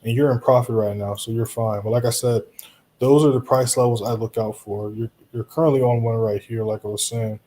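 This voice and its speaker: A man with a dark, mellow voice at an ordinary mid pitch hosts a live stream. He chats loosely and reassuringly with his viewers, answering their comments as they come in. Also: fairly quick. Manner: relaxed, reassuring, talks straight to viewers with frequent "you know" and "right?".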